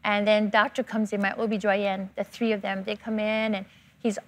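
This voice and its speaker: A woman's voice: mid-range voice, flat delivery, a little fast. An older woman telling her personal testimony in a church interview, emotional and fervent, repeating herself for emphasis. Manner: fervent, emotional storytelling with repetition. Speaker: church member giving testimony.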